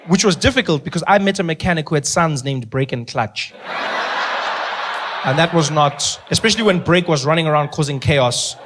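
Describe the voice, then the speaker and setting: A man's voice: fairly high pitch, moderate pace, background noise. A man from South Africa doing conversational stand-up storytelling. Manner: conversational, animated. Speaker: stand-up comedian.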